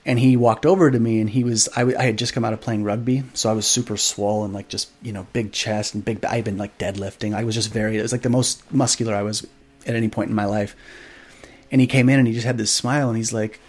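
A man in his thirties, a podcast guest, telling a story in a casual, animated way, acting out quoted dialogue with many fillers. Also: on the low side, quick pace.

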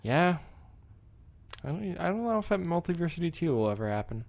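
A young adult man co-hosting a podcast, chiming in with animated, sweary interjections in casual chat. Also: on the high side, brisk, vocal fry.

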